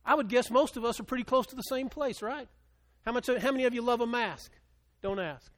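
High-voiced man preaching with passion. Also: fairly quick. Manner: swings from quiet, low storytelling to loud, impassioned preaching. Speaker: pastor. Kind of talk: sermon.

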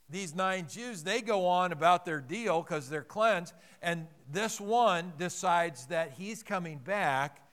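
A man preaching a sermon earnestly, swelling louder and slowing down on the key phrases. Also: on the high side. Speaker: pastor.

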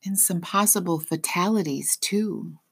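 A woman's voice: lowish voice, measured pace, creaky, breathy edge, voice pushed up, exaggerated voice. A woman voicing a harried female zookeeper in an audiobook, tired and matter-of-fact. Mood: weary.

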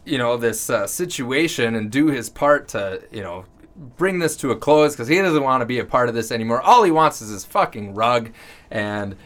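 A man's voice: mid-range voice, lively intonation, normal speed, a bit bright. A man casually chatting about a movie, rambling through his points, laughing often and swearing casually. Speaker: movie commentary co-host. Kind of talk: casual film commentary chat.

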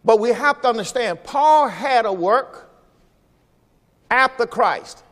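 The sanctuary's long reverb surrounds a pastor preaching slowly in a very high, fairly bright voice with lively intonation. In folksy fashion he repeats phrases and draws answers from the congregation during the service.

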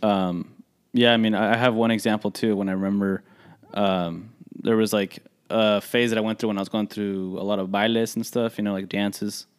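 Young male co-host, smooth and slightly low voice, loose rambling storyteller. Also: level tone, moderate pace. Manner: storytelling, many fillers like "like" and "you know". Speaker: podcast co-host. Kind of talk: casual chat.

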